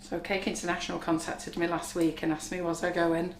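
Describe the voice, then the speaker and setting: A woman with a husky voice, chatting reassuringly as she gives a live baking demonstration in a kitchen. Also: fairly low pitch, little pitch movement, brisk. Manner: chatty, reassuring, talks while working. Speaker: cake decorating instructor. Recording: echoey kitchen with faint noise.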